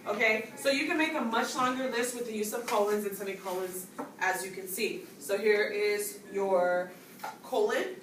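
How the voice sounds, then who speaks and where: A woman's voice: mid-range voice, normal speed, a bit bright. Woman teacher leading a class, calls on students, heard from across an echoey room. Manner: instructive, calls on students and asks questions. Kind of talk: classroom grammar lesson. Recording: echoey classroom, distant mic, background noise.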